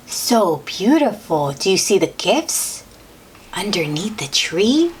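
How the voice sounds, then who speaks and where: A young woman reading a children's picture book aloud, gently exclaiming and pointing things out to young listeners. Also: medium pitch, sing-song, slow, slight background noise. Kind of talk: read-aloud storytime.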